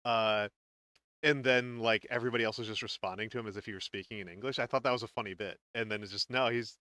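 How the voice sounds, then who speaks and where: A man's voice: on the low side, steady tone, fast talker, pushed and bright, no room sound. A man hosting a casual painting stream, rambling with lots of fillers and restarts. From northern region. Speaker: streamer and host.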